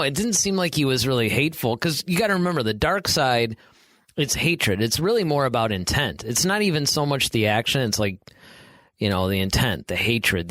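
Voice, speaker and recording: A man with a medium voice, chatting casually as a podcast co-host. He thinks out loud, weighing each point as he goes. The sound is dry and close to the mic. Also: medium pitch, dry recording. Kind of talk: casual chat.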